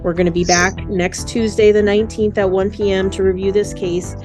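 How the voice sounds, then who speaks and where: A woman's voice: mid-range voice, little pitch movement, brisk, music in the background. A woman judge speaking firmly and sternly in a court hearing, scolding a party for interrupting.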